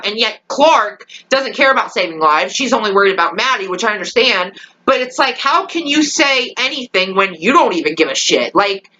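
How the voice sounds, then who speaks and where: A woman ranting in a casual reaction vlog about a TV episode, exasperated and profane, often jumping sharply up in pitch. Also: moderate pace, dull audio. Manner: animated, with big jumps up in pitch. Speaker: TV episode reviewer.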